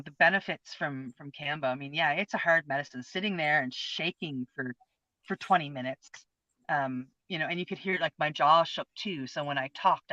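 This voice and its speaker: A woman in her fifties, co-hosting a casual chat, shares a personal experience in an earnest, open, heartfelt way. Her voice is deep with a sharp tone, and the recording is dull, lo-fi, and dry.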